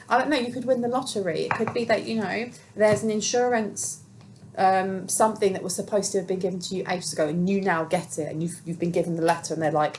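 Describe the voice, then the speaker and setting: A woman's voice: mid-range voice, darkish tone, a little hiss or hum, low-quality recording. A woman giving a casual collective tarot reading. She rambles with many fillers and talks to herself while she handles the cards. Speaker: tarot reader.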